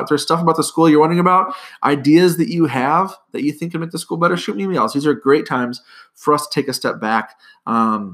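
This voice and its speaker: A man's voice: medium pitch, a bit bright. A middle-aged man hosting a casual school podcast, rambling with lots of fillers. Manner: rambling, filler-heavy, friendly. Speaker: school principal and podcast host.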